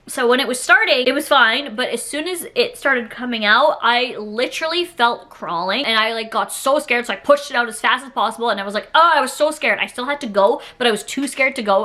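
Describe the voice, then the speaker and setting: A woman in her thirties telling a personal story to camera in a casual, rambling vlog style, full of fillers. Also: a little high. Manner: rambling, filler-heavy, animated retelling. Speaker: YouTuber.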